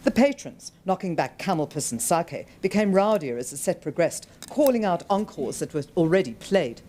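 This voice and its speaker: A woman's voice: lowish voice, normal speed, a little hiss or hum. A woman author reading her own novel aloud at a bookshop event, telling the story expressively. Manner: expressive, animated storytelling with voiced characters.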